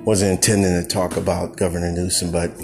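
A man's voice: deep voice, flat delivery, a little fast. A man hosting a casual monologue podcast, rambling and fired up about his opinions. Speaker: podcast host.

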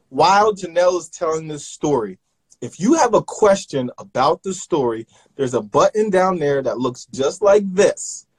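A man hosting a live stream storytelling show, calmly explaining how viewers can send questions. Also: on the high side, husky, low-quality recording. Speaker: host.

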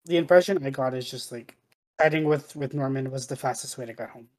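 A speaker chatting casually about a film, relaxed, often stammering at the start of a phrase. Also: medium pitch, a little fast. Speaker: film discussion co-host. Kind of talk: casual chat.

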